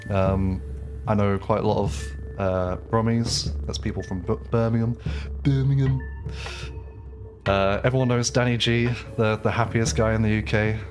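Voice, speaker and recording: Over music, a man from England streams a game and chats casually with his audience, rambling through fillers and restarts. His English-accented voice is lowish and flat, moving at a moderate pace.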